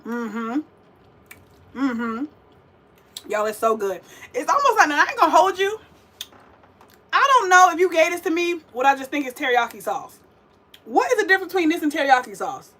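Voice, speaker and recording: A woman's voice: high voice, very animated, moderate pace, pauses often, pushed and bright. A young woman, chatting sassily and directly to her viewers while cooking on a livestream. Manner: chatty, sassy, talks straight to viewers. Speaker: vegan cooking livestream host. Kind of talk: casual livestream cooking chat.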